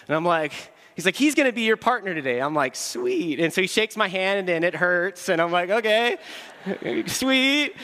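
Man, high voice, bright tone, self-deprecating storyteller, reverberant hall. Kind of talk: humorous storytelling talk.

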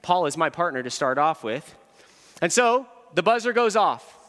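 A man's voice: a little high, very animated, moderate pace, fairly bright tone. A man giving a humorous, self-deprecating storytelling talk to an audience in a large hall.

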